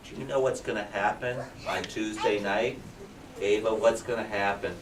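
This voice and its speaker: Animated male kindergarten teacher telling a story. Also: fairly low pitch, normal speed, noisy background. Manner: animated, questioning, prompting children. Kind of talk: read-aloud storytelling to young children. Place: classroom. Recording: roomy classroom from a distance.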